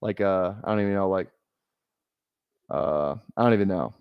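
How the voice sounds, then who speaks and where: A man's voice: low-pitched, normal speed, smooth, dry recording, muffled recording. Rambling young man on a stream. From Minnesota. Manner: rambling, joking, many fillers and restarts. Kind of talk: casual live-stream chat while drafting.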